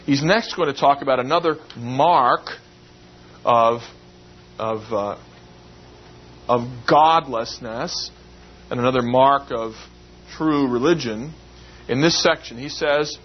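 A man delivers a sermon in a church, speaking conversationally at a medium pitch before climbing high for emphasis. The recording is slightly dull, with a faint hiss underneath. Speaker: preacher. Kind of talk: sermon with storytelling.

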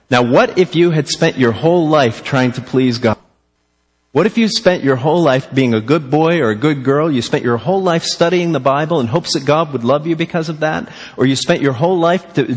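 Preacher in a reverberant hall. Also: male voice, medium pitch, husky. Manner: animated, rhetorical questions, acts out quotes. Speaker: pastor. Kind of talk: sermon.

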